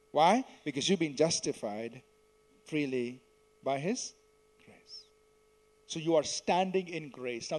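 A man preaching a sermon, teaching verse by verse and asking the congregation to repeat lines after him, swelling loud on key words and dropping soft at the ends. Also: fairly high pitch.

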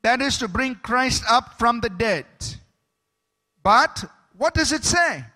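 A man's voice: very high voice, expressive, slow, bright, forceful tone. A man preaching a sermon as pastor, emphatic, stopping to ask the congregation for amens.

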